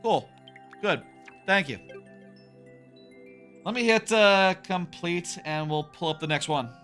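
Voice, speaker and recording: A man's voice: high-pitched, animated, takes it slowly, a bit bright. A young adult man streaming a game, chatting casually in a rambling, wry way, swearing now and then. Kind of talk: casual chat while playing. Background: faint game music.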